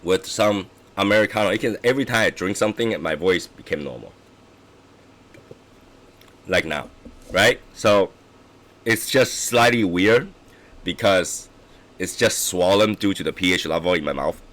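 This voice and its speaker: A man with a very deep voice, roughened into hoarseness, chatting loosely as a cigar stream host. He keeps clearing his throat and restarts his sentences as he talks. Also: moderate pace, long pauses, fairly bright tone. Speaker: livestream host reviewing cigars. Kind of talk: casual rambling chat.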